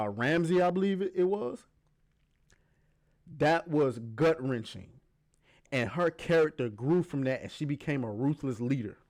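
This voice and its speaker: A man's voice: medium pitch, darkish tone. A man giving heated, argumentative reaction commentary on a video clip, emphatic and swearing often.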